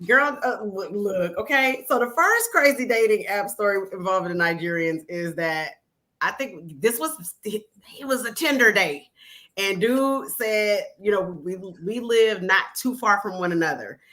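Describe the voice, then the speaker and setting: A woman guest telling dating stories in a casual chat, animated, unfiltered and quick to laugh. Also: medium pitch. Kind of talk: casual storytelling.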